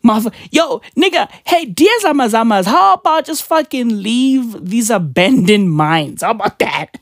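A woman's voice: fairly high pitch, lively intonation, a little slow, no room sound, studio quality. A woman with a South African accent, ranting casually on a vlog with heavy swearing and slang. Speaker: vlogger. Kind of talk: profane casual rant.

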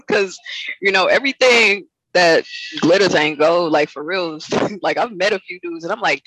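Laughing woman guest, bright dry voice. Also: fairly low pitch, a little slow, slightly rough, no room sound, poor audio. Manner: laughs often, animated, colloquial. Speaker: guest, fitness coach. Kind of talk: casual chat.

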